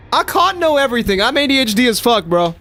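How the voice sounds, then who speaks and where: A young South African man with a squeaky voice, chatting excitably to viewers and swearing casually during live gameplay commentary. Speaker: game streamer.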